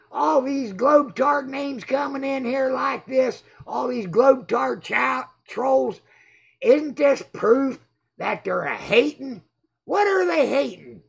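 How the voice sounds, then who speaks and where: A man hosting a livestream, reading the chat aloud and mocking his critics in a loud, excitable voice that often breaks into shouts. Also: very high voice, gravelly, slightly rough. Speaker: livestream host.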